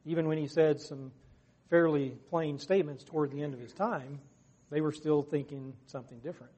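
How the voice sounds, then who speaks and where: Husky man leading a Bible study. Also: a little high, fairly even intonation, a little fast, dark tone, muffled recording. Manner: earnest, acts out quotes with raised voice. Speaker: discussion leader.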